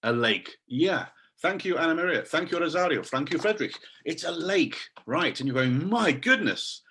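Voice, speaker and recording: A man leading an online teacher training session over a video call, enthusiastic and animated as he quizzes his audience. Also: fairly high pitch, normal speed, husky. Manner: quizzes the audience, reads names from chat.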